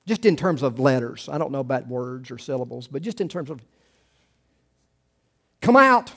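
A middle-aged male pastor preaching a sermon, earnest, rising to emphatic quotes and dropping to hushed asides. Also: medium pitch, fast, creaky, slightly rough.

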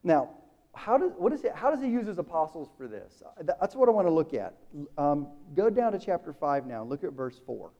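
A man preaching a sermon, casual and animated, acting out the dialogue in the story. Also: on the high side, brisk, highs cut off.

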